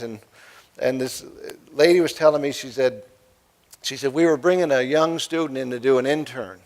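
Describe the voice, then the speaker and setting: A middle-aged man from the East Coast giving a keynote speech at a college convocation, telling humorous anecdotes and acting out the voices of the people in them. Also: a little high. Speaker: keynote speaker. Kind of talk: storytelling speech. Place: convocation hall.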